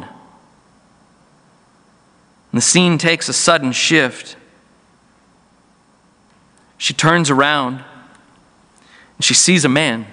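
A male pastor delivers a sermon in a notably high, bright voice. He speaks earnestly, often doubling words as he restarts, and the sound carries a long hall echo. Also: extremely slow, long pauses. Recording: echoey hall.

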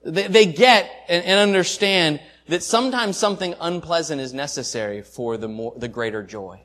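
Guy preaching, kinda high voice, earnest and heartfelt, goes loud then quiet. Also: normal speed. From Southern United States. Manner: earnest, heartfelt preaching with swells and drops in loudness. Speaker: pastor. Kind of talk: sermon.

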